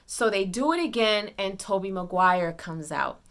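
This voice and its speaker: A woman giving a casual spoiler movie recap, retelling scenes excitedly with lots of fillers and restarts. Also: medium pitch, moderate pace. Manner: excited retelling, acts out characters' lines. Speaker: movie reviewer.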